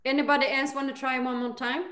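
A woman teaching a group chanting lesson over a video call, patient and encouraging, demonstrating each line slowly. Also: high-pitched, flat delivery, a bit bright, echoey room.

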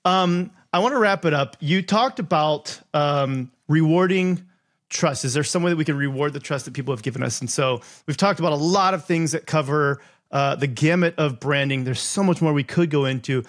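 Brief: male podcast host, a bit higher voice than average, friendly, conversational, quick to laugh. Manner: friendly, chatty, laughs easily. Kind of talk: podcast interview.

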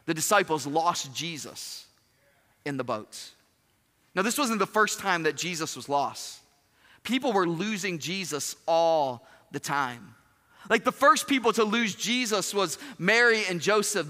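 An animated male pastor preaching in a large church hall, his voice high and bright. He plays out little dialogues and throws questions at the crowd, with a long reverb trailing every line. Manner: animated, acts out quoted dialogue, asks the congregation questions. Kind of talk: sermon.

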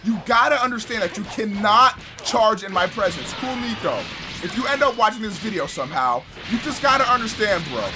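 A young man giving loud, trash-talking commentary over his own online matches, shouting at opponents and explaining his character build. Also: high-pitched, animated, a little fast, music in the background. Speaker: gaming YouTuber. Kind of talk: hyped gameplay commentary.

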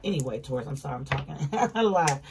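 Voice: medium pitch, expressive, fast, background noise. Blunt, emphatic tarot reader. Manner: emphatic, repetitive, blunt and profane. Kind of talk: casual tarot reading.

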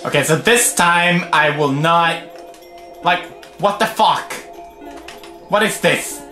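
A young man in his twenties with a Swedish accent, commentating a game while swearing, muttering low and yelling high. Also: takes it slowly, echoey room, faint music behind. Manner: loud, swearing, swinging between low mutters and high yells. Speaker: gaming video host. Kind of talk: gameplay commentary.

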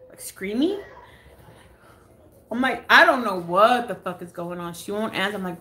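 Woman in her own home, live phone vlog, tells a story casually, swears a lot and acts out every quote, bright and lively. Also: medium pitch, normal speed. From United States. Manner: animated, swears freely, acts out others' lines. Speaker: beauty vlogger. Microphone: phone camera.

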